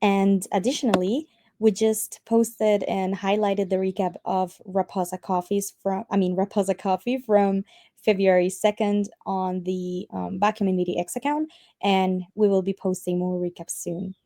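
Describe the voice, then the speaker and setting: Soft woman with a Spanish accent. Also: mid-range voice, level tone, moderate pace, no echo, clean studio sound. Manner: soft-spoken with frequent ums. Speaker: community team member. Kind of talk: community call update.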